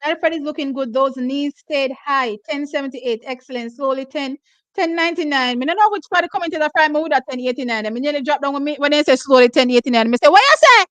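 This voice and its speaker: A Jamaican woman hosting a watch party, reacting live to races with loud, excitable exclamations and slipping between patois and English. Her voice is hoarse and giving out. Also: sits high, quick pace, no echo, low-quality recording. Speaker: track and field watch-party host. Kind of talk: live race reaction commentary.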